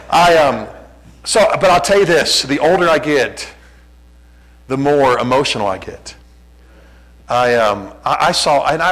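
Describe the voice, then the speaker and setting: A man's voice: mid-range voice, a bit bright, poor audio. A middle-aged man preaching a sermon as a pastor, conversational and self-deprecating, often restarting his sentences.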